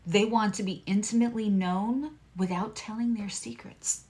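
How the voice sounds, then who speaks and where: With a steady tone and a mid-range voice, a woman hosts a live tarot and astrology reading a little slowly. She is chatty and candid, swears freely, and now and then goes quiet for hushed asides.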